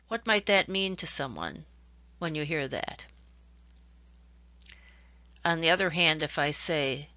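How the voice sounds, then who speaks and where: A woman instructor delivers a recorded lecture in a bright, clear voice pitched a little low. She explains terms and acts out sample sentences with shifting stress. The sound is close and dry but dull, like a lo-fi recording. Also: takes it slowly, long pauses, dry recording. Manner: explanatory, demonstrating examples with varied emphasis.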